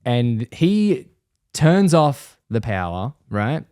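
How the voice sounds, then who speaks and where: A man's voice: mid-range voice, extremely slow, smooth, no echo, studio quality. Young man telling a swear-filled story. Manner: swears freely, animated storyteller who mimics others. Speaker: podcast host. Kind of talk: casual storytelling chat.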